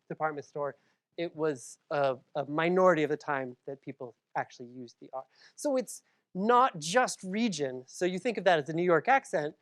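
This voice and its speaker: A woman from Massachusetts giving a public library lecture, conversational, with frequent ums and asides to the audience. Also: deep voice.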